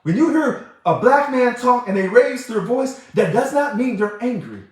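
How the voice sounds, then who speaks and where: A man's voice: very high voice, very animated, moderate pace. A man hosting a livestream and answering viewer comments in an emphatic, heated way. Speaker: livestream host. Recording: very echoey room.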